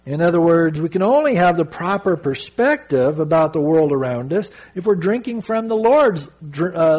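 A middle-aged man from Southern California preaching a sermon, reading scripture slowly and telling stories earnestly. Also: sits high. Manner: earnest, animated storytelling with slow scripture reading. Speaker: pastor.

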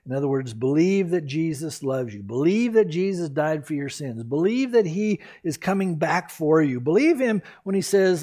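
A pastor preaching a sermon in an earnest, exhorting, emphatic way. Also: male voice, a little high, lively intonation, normal speed, few pauses, dark tone.

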